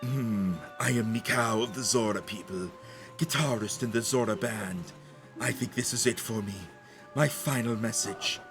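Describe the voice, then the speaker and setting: A man voicing a gentle male fish-man guitarist who is dying, speaking slowly, low and quietly. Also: music in the background, close to an everyday voice. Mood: weak, dying. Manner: slow, quiet and breathy, as if dying.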